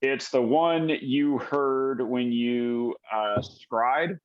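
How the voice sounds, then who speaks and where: A man's voice: medium pitch, very slow, highs cut off. A man narrating as game master of a tabletop game, hesitant, with many fillers and restarts.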